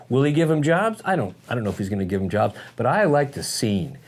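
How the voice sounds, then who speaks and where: Animated, folksy man co-hosting. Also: mid-range voice, quick pace, hardly any pauses. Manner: folksy, animated storytelling with acted quotes. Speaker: co-host. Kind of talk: casual political chat.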